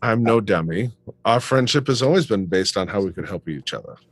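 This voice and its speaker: A man plays a sardonic crime boss woman who mocks flattery and gets straight to business. She talks dry and blunt. The sound is close and dead, with no room around it. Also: fairly low pitch, brisk, dry recording.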